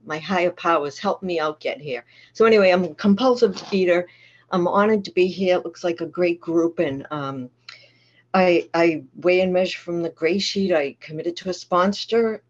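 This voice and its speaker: A woman's voice: fairly low pitch, normal speed, highs cut off. A middle-aged woman with a Boston accent, speaking candidly and plainly at a twelve-step meeting, with frequent restarts. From Massachusetts. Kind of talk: personal recovery share.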